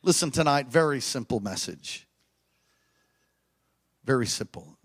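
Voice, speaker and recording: A man preaching a sermon, telling stories with animated energy, bursts of laughter and emphatic repeated declarations. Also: medium pitch, unhurried.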